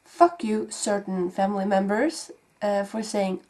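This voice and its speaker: A woman's voice: medium pitch, steady tone, dark tone. A woman vlogger talking to her viewers, defiant and blunt, sighing and swearing. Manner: defiant, slow, with sighs and swearing. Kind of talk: played vlog clip.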